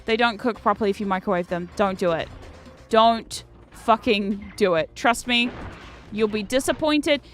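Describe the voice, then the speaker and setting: A woman's voice: mid-range voice, moderate pace, faint music behind. A young woman, British by birth, chatting and swearing through a game stream as a VTuber host. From Britain. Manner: chatty, swears, bursts of frustrated shouting. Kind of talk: casual gameplay commentary.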